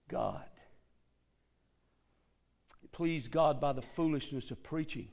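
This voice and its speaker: A Baptist preacher giving a sermon in a church service, swinging from low, quiet talk to shouted climaxes and repeating key phrases for emphasis. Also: male voice, slow pace, creaky, pauses often. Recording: dull lo-fi recording.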